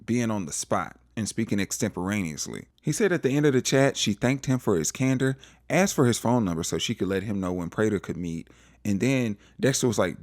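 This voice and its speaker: Man, casual show recap, low voice, very lively pitch, dry close sound, playful slang. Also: a little fast, no echo. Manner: animated, acts out quotes with playful slang. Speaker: recap vlogger.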